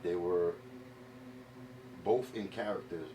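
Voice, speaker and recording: Deep-voiced dude hosting a podcast, talks about his kid, a bit of hiss behind. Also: fairly even intonation, slow. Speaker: podcast host, father. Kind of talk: casual chat.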